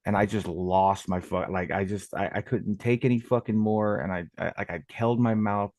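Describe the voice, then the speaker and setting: A man's voice: on the low side, fairly even intonation, moderate pace, darkish tone, no room sound. Profane rambling man telling stories. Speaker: caller. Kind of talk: casual call-in chat.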